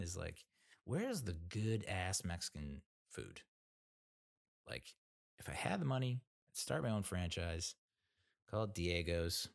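Low-voiced dude rambling and cussing, dry close sound. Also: male voice, vocal fry, no echo. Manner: rambling, profane, self-mocking. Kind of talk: casual storytelling monologue.

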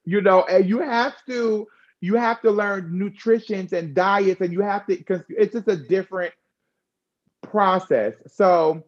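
A woman talking candidly in a conversational chat, frank and expressive with slangy asides. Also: sits low, dull audio.

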